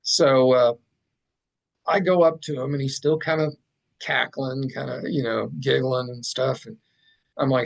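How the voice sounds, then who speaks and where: A man, a podcast guest and artist, telling a story in a casual, animated way with plenty of fillers and asides. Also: medium pitch, unhurried, vocal fry, long pauses, low-quality recording.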